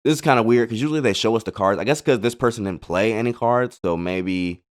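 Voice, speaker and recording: Male host, relaxed slangy game commentary, smooth low-set voice. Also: fast. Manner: laid-back, slangy, chatty asides. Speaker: gaming channel host. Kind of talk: casual card-game replay commentary.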